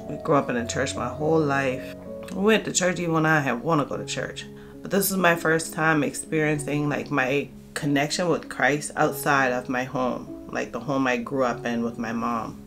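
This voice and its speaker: A woman's voice: deep voice, creaky. A woman telling a personal storytime vlog story, candid and conversational, acting out the dialogue. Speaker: vlogger.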